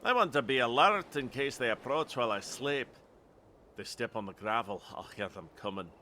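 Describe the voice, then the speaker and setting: A man voicing a paranoid old Scottish lighthouse keeper in a put-on Scottish accent, with a rough, ominous way of talking. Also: medium pitch, lively intonation, normal speed, sharp tone, a little hiss or hum. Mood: wary.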